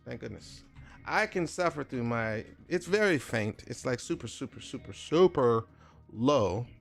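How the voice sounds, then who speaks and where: Expressive and a touch slow, this mid-range male voice carries vocal fry over faint background music. He is an adult with a son who streams his digital drawing, talking directly to chat in a chatty, joking way.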